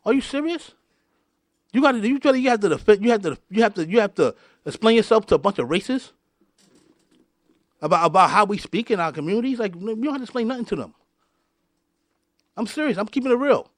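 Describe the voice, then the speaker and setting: A man's voice: sits high, animated, quick pace, pauses often, no echo, studio quality. A man hosting a podcast, delivering a fired-up rant and often repeating and restarting his words. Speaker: podcast host.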